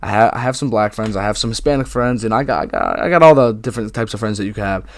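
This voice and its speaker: A man's voice: on the low side, sing-song, fast talker. A young man in his twenties hosting a casual solo podcast, talking candidly and rambling with many fillers and restarts. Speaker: podcast host.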